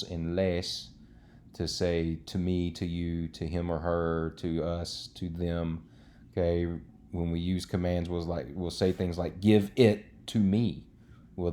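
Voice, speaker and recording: Male teacher, deep voice, mellow tone, patient step-by-step lesson explanation. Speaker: Spanish teacher. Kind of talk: recorded lesson walkthrough.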